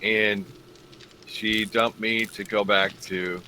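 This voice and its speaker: A man's voice: fairly low pitch, level tone, takes it slowly, crowd noise, rough recording. A man in a casual chat, talking bluntly and wryly about his own luck, with a lot of swearing. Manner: blunt, swears freely, wry about himself.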